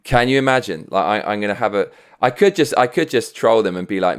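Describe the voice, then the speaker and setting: A man's voice: lowish voice, lively intonation, a little fast, hardly any pauses, clean tone. A man hosting his own vlog, ranting to camera in a swearing, sarcastic, chuckling way from his home studio. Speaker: vlogger host. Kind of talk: casual profane rant to camera.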